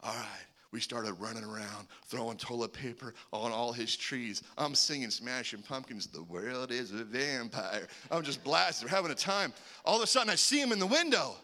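A man in his forties preaching a sermon, an animated storyteller who acts out the voices in his stories. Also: mid-range voice, fairly quick. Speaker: pastor.

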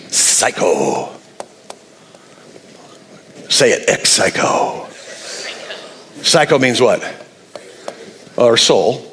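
A preacher in full sermon mode, animated and playful, dropping into acted voices for the figures he quotes. His voice sits high for a man and carries a gravelly edge. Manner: animated, jokey, acts out quotes. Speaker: pastor.

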